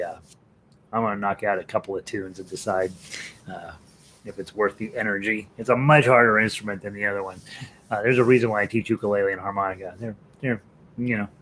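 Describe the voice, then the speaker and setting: A man's voice: lowish voice, a little hiss or hum. A middle-aged man teaching a casual live-stream ukulele class, chatty and joking with students, counting in the tunes. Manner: counts in and calls out notes while playing.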